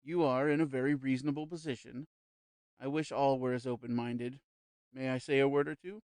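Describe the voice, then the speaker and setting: A man voicing a calm, persuasive male spirit medium in an audiobook, speaking slowly, smoothly and quietly. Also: medium pitch, no echo, natural voice. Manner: slow, smooth, quiet, reassuring. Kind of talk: audiobook character reading.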